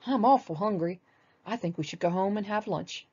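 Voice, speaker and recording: A woman voicing a gentle, agreeable male bear in a storybook reading, soft and mild. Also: medium pitch, normal speed, husky, highs cut off. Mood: content. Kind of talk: storybook read-aloud.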